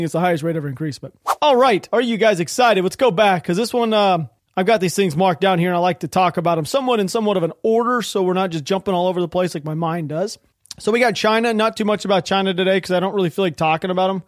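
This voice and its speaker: Male podcast host, high voice, sarcastic ranting commentary, swears a lot, dead-dry mic. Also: no room sound. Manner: ranting, sarcastic, swears freely, laughs at news. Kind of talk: solo political podcast commentary.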